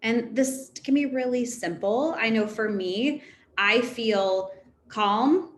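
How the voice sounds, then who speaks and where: A woman in her thirties, a therapist, giving an informal talk to parents in a conversational, animated way. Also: on the high side, takes it slowly. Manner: conversational and animated, laughs between points. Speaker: therapist speaking to a parent council. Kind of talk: informal presentation. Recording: echoey room with faint background noise.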